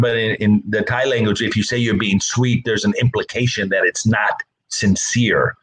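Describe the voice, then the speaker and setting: Middle-aged male pastor, lowish voice, casual sermon delivery, repeats himself, mimics quoted speakers. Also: steady tone, moderate pace, a bit bright, low-quality recording. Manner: conversational, repeats words, acts out quoted voices. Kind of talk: casual Bible teaching.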